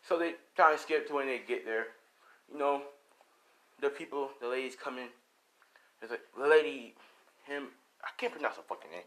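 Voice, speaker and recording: A man's voice: mid-range voice, expressive, normal speed, long pauses, a bit bright, poor audio. A man casually retelling a fan-made story, rambling, with fillers and swearing. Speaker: channel host.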